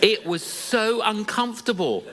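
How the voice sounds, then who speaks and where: A preacher tells a story in a lively, joking, conversational manner, at a mid pitch. The voice rings through a church hall with a long reverb behind it. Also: a little slow, heavy background noise. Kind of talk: sermon storytelling.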